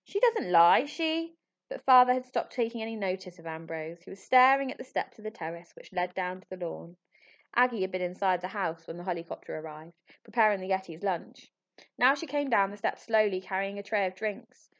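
A woman narrating a children's storybook in a clear, expressive reading voice. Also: mid-range voice, brisk. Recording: slightly muffled audio.

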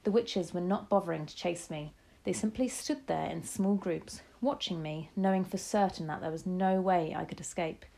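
A woman narrating a children's story in the first person, dramatic and expressive. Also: fairly low pitch, moderate pace, gravelly. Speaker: audiobook narrator.

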